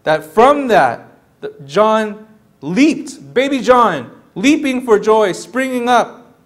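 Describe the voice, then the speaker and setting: A pastor preaching a sermon in an animated, conversational way, often repeating words and acting out the people he describes. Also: high-pitched, slow. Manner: animated, repeats words, acts out quoted voices.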